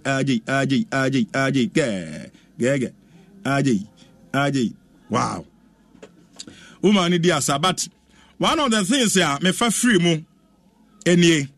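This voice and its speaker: A man with a Ghanaian accent presenting a lively radio chat, exclaiming and chanting as he reacts. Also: on the high side, dry recording. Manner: animated, exclaims and chants, mixes English with Twi.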